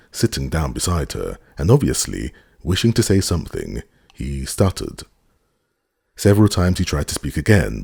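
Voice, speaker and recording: A man narrating a classic novel as an audiobook, measured and expressive. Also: very deep voice, creaky, slightly rough, no echo, clean studio sound. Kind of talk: scripted narration.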